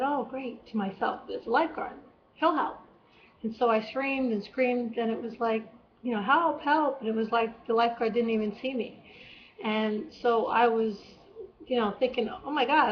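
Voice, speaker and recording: Woman, higher voice, earnest emotional testimony, muffled lo-fi sound. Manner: earnest, emotional retelling with quoted cries. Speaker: vlogger. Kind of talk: personal testimony storytelling. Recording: dull lo-fi home recording.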